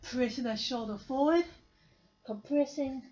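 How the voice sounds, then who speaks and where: A woman teaching a Pilates class after an illness, giving gentle step-by-step cues with a coughing spell now and then and some self-mocking laughter. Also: sits high, a little slow, roomy sound, highs cut off. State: recovering from illness, coughing at times. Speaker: Pilates instructor. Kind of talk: guided exercise class cueing.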